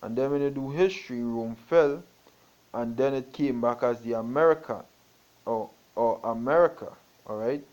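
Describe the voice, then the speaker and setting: A man in the middle of a sermon, reading passages aloud and breaking off to explain them. His voice sits at an ordinary mid pitch and grows louder and more emphatic on key words. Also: normal speed, low-quality recording. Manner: reads aloud with asides, rising to emphatic. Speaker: preacher.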